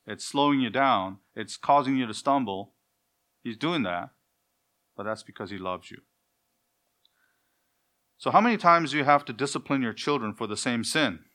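Guy preaching a sermon, bright punchy voice, asks questions then answers them. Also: mid-range voice, lively intonation, normal speed, pauses often. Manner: acts out dialogues between parent and child. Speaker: pastor.

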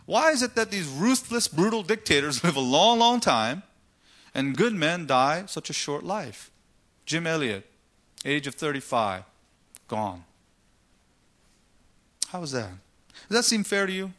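A man's voice: fairly high pitch, sing-song, a little slow, pauses often, fairly bright tone. A man preaching a sermon, asking rhetorical questions and retelling scripture stories dramatically. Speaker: pastor.

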